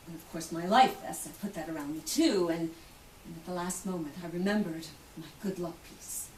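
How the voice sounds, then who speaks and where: An actress performs a theatrical first-person monologue as an outspoken, wealthy Titanic survivor, recounting the story vividly and voicing the other people in it. Her voice is lowish, a little mellow and lightly acted, at a moderate pace. The recording sounds roomy and distant, with faint hiss.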